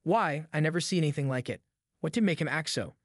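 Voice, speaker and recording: A man's voice: a little high, lively intonation, fast talker, dry recording, studio quality. A man voicing a stern old aunt. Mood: suspicious. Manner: scolding, then gentle. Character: stern but soft-hearted old aunt.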